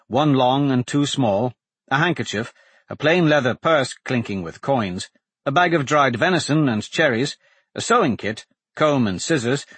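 A man reads fantasy fiction aloud in a measured, dramatic storytelling manner. His voice is husky and mid-pitched, recorded dry and close with no room sound. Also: fairly bright tone, no echo. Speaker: audiobook narrator. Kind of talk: scripted audiobook narration.

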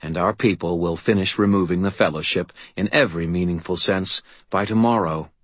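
Cold quiet traitor guy, low husky murmur, as the narrator reads him, audiobook. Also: brisk, dry recording. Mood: calm. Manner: quiet, calm, deferential murmur. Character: calm, ruthless, centuries-old male double agent.

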